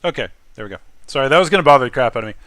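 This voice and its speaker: A man streaming a video game, chatting casually and swinging between loud outbursts and quiet muttering. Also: medium pitch, expressive, rapid-fire, dry recording. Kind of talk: casual gaming stream chat.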